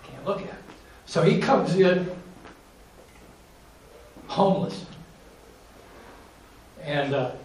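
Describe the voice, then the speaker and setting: A man's voice: a little high, slow pace, pauses often, a little mellow, a little hiss or hum. A man giving a folksy, earnest presentation about charity work, telling stories to an audience. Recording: echoey room with faint ambience.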